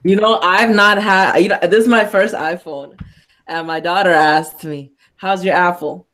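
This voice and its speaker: A middle-aged woman co-hosting a casual chat, playful and quick to giggle. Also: on the low side, steady tone, a bit bright. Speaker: co-host.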